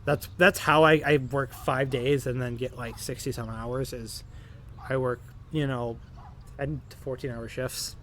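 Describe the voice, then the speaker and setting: A man's voice: mid-range voice, steady tone, a little slow, a bit bright, a little hiss or hum. A young man, chatting in a loose, rambling way as a tired streamer. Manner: rambling, full of fillers and restarts, tired. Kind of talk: casual rambling chat.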